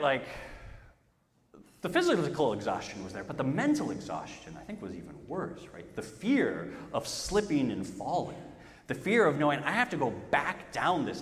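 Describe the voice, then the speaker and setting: A man preaches with an animated voice that swoops up and down, emphatic and self-mocking as he tells his story. His voice sits a bit higher than most men's. It rings through a church auditorium with a long hall reverb. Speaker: pastor. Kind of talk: sermon.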